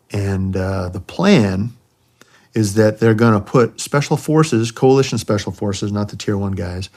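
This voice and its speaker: Man, middle-aged, low voice, from the US, retired pilot, relaxed storytelling. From United States. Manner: relaxed, tags points with a questioning "right?". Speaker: guest, retired army helicopter pilot. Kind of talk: casual storytelling in a conversation.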